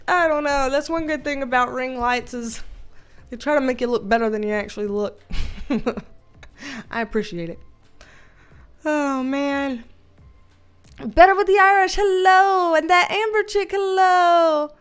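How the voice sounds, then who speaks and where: A woman with a high voice hosts a relaxed livestream, chatting and greeting her viewers one by one. She laughs easily and swears in passing, and faint music plays behind her. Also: measured pace, long pauses. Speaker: livestream host. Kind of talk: casual livestream chat. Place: dim indoor room with ring light.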